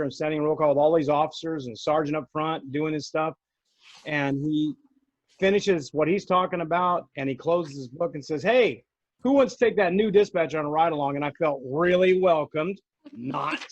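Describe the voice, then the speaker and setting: A man co-hosting a casual podcast, telling lively stories about his dispatcher days and acting out the quoted voices. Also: fairly high pitch, moderate pace, no room sound, lo-fi sound. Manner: animated storyteller, acts out quotes. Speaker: podcast co-host, former dispatcher. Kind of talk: casual storytelling chat.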